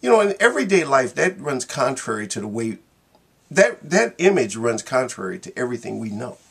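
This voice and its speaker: A man's voice: mid-range voice, sing-song, fairly quick, creaky, breathy edge. A man giving a casual, rambling monologue in his vlog, wry and laughing at himself. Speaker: vlogger.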